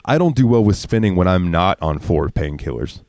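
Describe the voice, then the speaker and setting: Man, very low voice, dry close mic; rambling, profane podcast storyteller who laughs often. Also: animated, a little fast, a little mellow, dry recording. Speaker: podcast co-host. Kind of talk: casual storytelling chat.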